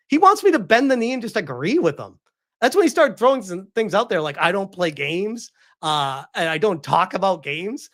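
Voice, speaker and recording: Animated, swearing woman streamer. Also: on the low side. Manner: animated, incredulous ranting with frequent swearing. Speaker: streamer host reading viewer donations. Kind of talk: casual livestream commentary.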